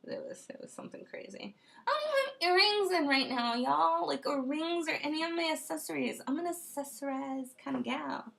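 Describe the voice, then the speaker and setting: A woman's voice: sits high, expressive, fairly quick, creaky, a bit bright. A woman vlogging from her room at home in a casual late-night monologue, rambling and self-questioning, with frequent laughs. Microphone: computer webcam.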